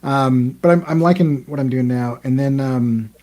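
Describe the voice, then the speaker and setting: A man's voice: mid-range voice, moderate pace, dark tone. A man co-hosting a podcast in casual group chat, talking in a rambling way with many ums and restarts. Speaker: podcast co-host.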